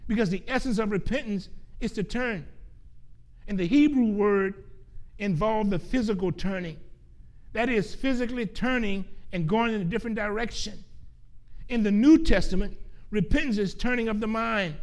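A male preacher with a notably high voice delivers a sermon in an earnest, emphatic way. He repeats key phrases for weight and slows down when quoting scripture.

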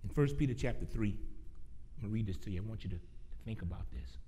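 A man preaching a sermon. He swings from loud, slow, stretched-out emphasis to hushed low passages, with quick joking asides to the congregation. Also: expressive.

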